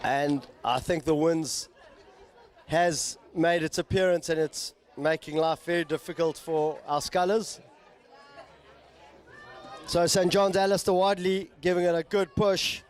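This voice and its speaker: A man calls a rowing regatta live, his voice sitting notably high. He works through the lanes steadily, naming each sculler and school as they pass. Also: a little slow, a faint crowd. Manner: steady play-by-play calling out names and schools. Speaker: regatta commentator. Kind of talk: live sport commentary.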